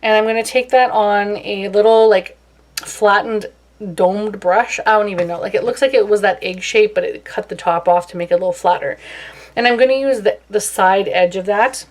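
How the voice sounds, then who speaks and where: A young woman talks her way through a makeup tutorial in a loose, chatty manner. She pokes fun at herself now and then, and her pitch sits in an ordinary middle range. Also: moderate pace. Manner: casual and chatty, self-deprecating. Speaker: beauty vlogger.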